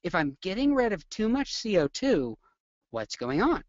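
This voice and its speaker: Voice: mid-range voice, sing-song, moderate pace, dry recording, dull audio. A nursing lecturer giving a live webinar, full of energy, quizzing the viewers and acting out symptoms.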